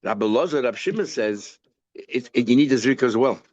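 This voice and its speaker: Animated and a little fast, a rabbi gives a casual lecture on the daily Talmud page, questioning and answering himself while mixing English with Hebrew and Yiddish terms. His medium-pitched male voice is a little mellow, with no room sound and a muffled recording.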